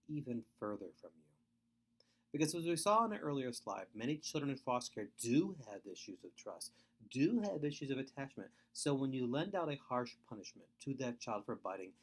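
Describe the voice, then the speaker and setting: A middle-aged man speaks in an earnest, emphatic webinar lecture. His pitch rises and falls a great deal as he stresses each point. He often circles back to repeat the key advice. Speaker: foster care speaker.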